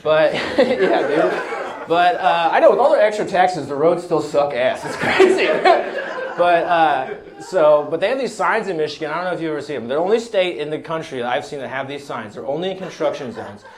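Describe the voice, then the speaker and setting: Man in his thirties, stand-up comic, slightly high voice, rambling laid-back delivery, loud noise around him. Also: lively intonation, brisk. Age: 30s. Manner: casual, laughing between lines, loose rambling delivery. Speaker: stand-up comedian. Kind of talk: stand-up comedy set. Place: comedy club stage with audience laughter.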